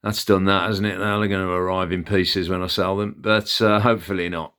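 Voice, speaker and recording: A man's voice: low-pitched, flat delivery, brisk, fairly bright tone. A man who hosts a vlog and chats with enthusiasm as he shows off his antiques haul, with frequent fillers. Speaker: antiques seller and channel host. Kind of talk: casual haul vlog, showing items.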